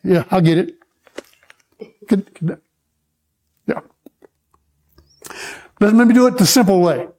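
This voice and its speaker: A man preaching a sermon to a congregation, reading scripture slowly and having the listeners repeat verses back to him. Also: high-pitched, mellow.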